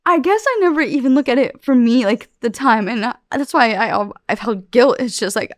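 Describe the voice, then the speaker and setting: A woman's voice: a little high, moderate pace, dry recording, clean studio sound. A woman in her thirties speaking as an interview guest, candid and emotional, rambling with many fillers and restarts.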